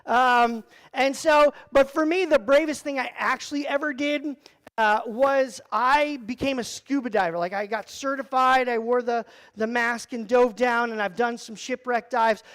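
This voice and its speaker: A youth pastor man with a high-pitched voice, speaking to a youth group. He tells his story in an animated, joking way, with plenty of "like" and "um" fillers. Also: measured pace.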